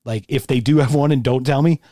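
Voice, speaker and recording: A man's voice: medium pitch, fairly even intonation, a little fast, warm tone, no room sound, clean studio sound. A man in casual chat giving firm opinions, often restarting sentences and cracking jokes.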